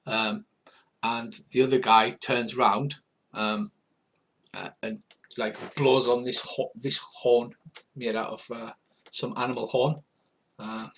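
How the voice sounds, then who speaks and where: A man's voice: medium pitch, fairly bright tone. An older man running a tabletop role-playing game as game master, narrating in a wry, rambling way full of fillers.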